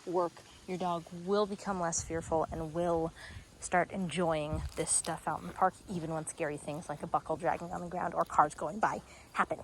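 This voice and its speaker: A woman's voice: fairly even intonation, normal speed, a little hiss or hum, low-quality recording. A young adult woman, a dog trainer, explaining training steps to viewers outdoors in a park. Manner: explains to viewers, breaks into high-pitched praise for the dog. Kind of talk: instructional dog training video.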